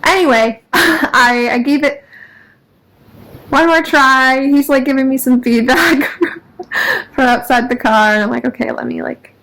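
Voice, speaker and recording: Woman vlogger, high voice, casual rambling car chat with frequent laughter. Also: slow, pauses often, fairly bright tone, poor audio. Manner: chatty, laughs often, rambling with many fillers. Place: in a parked car.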